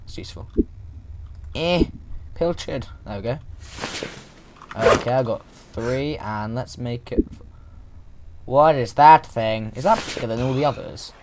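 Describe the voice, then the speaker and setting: A young man talks through a survival game in a chatty, playful way, with a voice in the middle of the usual range. He rambles, restarts his thoughts and now and then bursts out with silly shouts. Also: medium pitch, normal speed, long pauses, background noise. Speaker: gaming YouTuber. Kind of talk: casual let's-play commentary.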